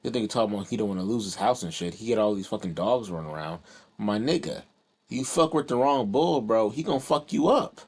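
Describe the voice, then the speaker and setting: A man's voice: fairly low pitch, lively intonation, fast talker, husky. A man streaming his reactions to videos, blunt, crude and mocking. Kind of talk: profane reaction commentary.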